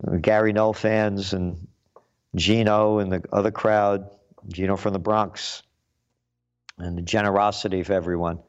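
A man's voice: lowish voice, lo-fi sound. A man hosting his own show, delivering a blunt, combative, emphatic commentary monologue. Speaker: show host.

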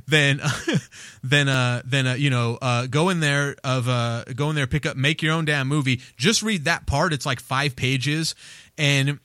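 A man's voice: mid-range voice, measured pace, sharp tone, dry recording, clean studio sound. A man hosting a podcast in loose, casual chat, swearing freely, laughing often and drifting into rambling asides. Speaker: podcast host.

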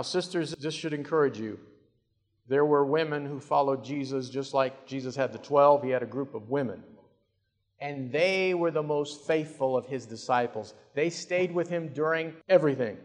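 A male preacher with a fairly high voice tells the story dramatically, swinging between hushed and loud. He speaks slowly and deliberately, and his voice carries through a hall with a long reverb. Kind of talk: sermon.

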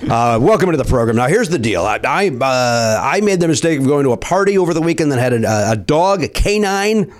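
A male podcast host with a wry, self-deprecating way of talking and an animated, swinging pitch. He sounds a little stuffed up from allergies and a cough, riffing loosely with his co-hosts. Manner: wry, self-mocking, lively delivery with quick asides. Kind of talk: casual comedy podcast chat.

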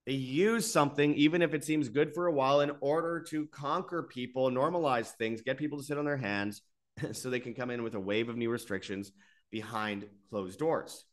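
Hosting his own alternative media channel, a man with a medium-pitched voice and moderate pace rants in an exasperated, repetitive monologue that repeatedly swells into bursts, before moving on to read sponsor spots.

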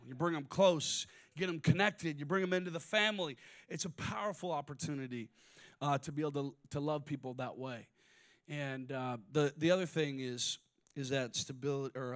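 A man preaching a sermon, his voice a little higher than most men's. He drops to quiet storytelling, then climbs into loud, fervent exhortation. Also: moderate pace. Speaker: pastor.

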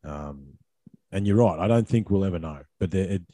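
A man's voice: sits low, normal speed, dark tone, no echo. An Australian man in his forties hosting a casual conversation, rambling and repeating words.

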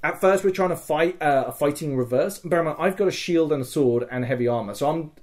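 A man's voice: on the high side, brisk. A man co-hosting a podcast, telling a story in casual chat with lots of swearing and fillers. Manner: excitable, profane, lots of fillers. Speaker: podcast co-host.

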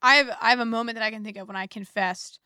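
A woman's voice: a little high, steady tone, very fast, clean tone, dry recording, studio quality. A woman co-hosting a church podcast, sharing a personal story in casual chat with many "like"s. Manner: warm storytelling, says "like" often. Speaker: podcast co-host.

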